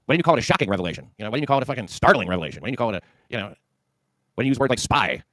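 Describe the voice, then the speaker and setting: A man's voice: mid-range voice, very animated, racing, a bit bright, dry recording, clean studio sound. A man hosting his own livestream, ranting in a profane, combative way with many fillers and restarts. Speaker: livestream host. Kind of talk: ranting monologue.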